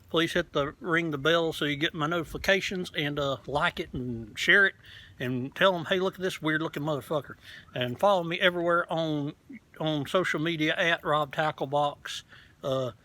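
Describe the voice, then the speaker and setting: A man's voice: on the high side, pushed and bright. A man hosting his own casual beer review vlog, talking in a rambling, frank way and swearing casually. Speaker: beer reviewer, channel host. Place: outdoors.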